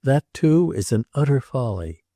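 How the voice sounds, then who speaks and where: A man reads as an earnest friend and patron in a read novel, pressing his point with grave, steady urgency. His voice sits a little higher than the narration but keeps a mellow, warm color. The recording is close and dry. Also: moderate pace, dry recording. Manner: earnest, urging.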